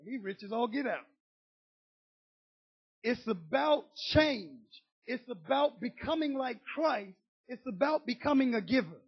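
Brief: male preacher, very high husky voice, emphatic and casual by turns, dull lo-fi recording. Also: lively intonation, unhurried. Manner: preaching with rising emphasis, colloquial asides and joking. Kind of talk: sermon.

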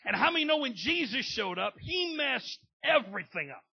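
A male pastor preaching a sermon, dropping to low murmurs and then rising to shouted outbursts. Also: big pitch swings, moderate pace, creaky, husky, highs cut off.

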